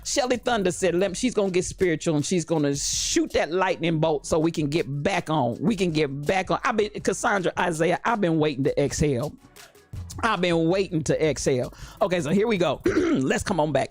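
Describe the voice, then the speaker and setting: A woman hosting a live chat show in a dialect, animated and laughing often as she chats with her listeners by name. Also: low voice, no echo. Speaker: host. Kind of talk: lively live-stream chat.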